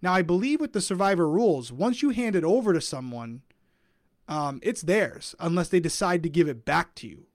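Male podcast co-host, slightly high voice, dry close sound, casual, muses aloud. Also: lively intonation, normal speed, no room sound. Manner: musing, thinks aloud with many hedges. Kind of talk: casual recap chat.

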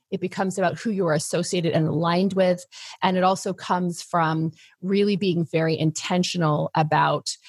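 A woman's voice: on the low side, husky, dry recording, studio quality. A woman business coach, a podcast guest, explaining energetically with emphatic phrasing and frequent laughs. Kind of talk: casual podcast interview.

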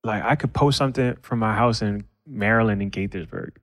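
A man who is a comedian hosting a casual podcast chat, slangy and quick to laugh, talking from a studio office. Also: fairly low pitch, a bit bright. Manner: slangy, laughs a lot, talks in quick bursts.

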